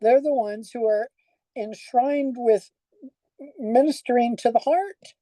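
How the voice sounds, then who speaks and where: A woman's voice: mid-range voice, dark tone, no echo, low-quality recording. An older woman pastor giving a conversational sermon, telling stories and asking the congregation questions.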